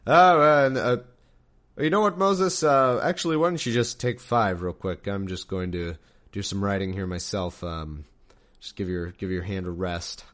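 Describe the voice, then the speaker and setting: A man's voice: fairly low pitch, moderate pace, a bit bright, pitched below the performer's own voice, lightly acted. A man voicing God as a casual, hesitant fellow who chats in an everyday way. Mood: chummy. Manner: offhand, conversational, hesitant. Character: casual, chummy male God improvising an aside.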